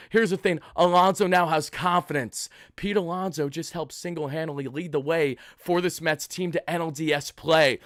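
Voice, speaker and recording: Young NY male streamer, high and bright, worked up, shouts a lot, close dry mic. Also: dry recording. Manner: hyped, loud, shouting and thanking donors. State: sweaty and worked up. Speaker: host of a fan live stream. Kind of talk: excited postgame livestream chat.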